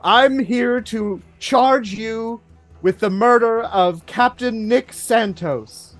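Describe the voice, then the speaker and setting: A man voicing an enraged middle-aged town mayor who shouts his accusations loudly and slowly. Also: very high voice, soft background music, pitched above the performer's own voice. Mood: accusing. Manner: loud, slow, seething with rage.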